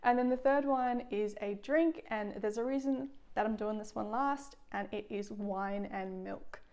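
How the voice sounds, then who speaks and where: A woman's voice: mid-range voice, a little slow, a little mellow, clear, resonant tone. A woman chatting casually through a cooking vlog in her kitchen, self-deprecating and laughing often. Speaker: food vlogger. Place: home kitchen.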